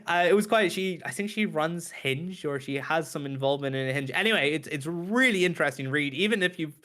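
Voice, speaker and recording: A man's voice: on the high side, expressive, brisk, sharp tone. A man co-hosting a podcast, chatting casually with lots of fillers and laughs. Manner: chatty, hesitant, laughs often. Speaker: podcast co-host. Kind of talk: casual chat.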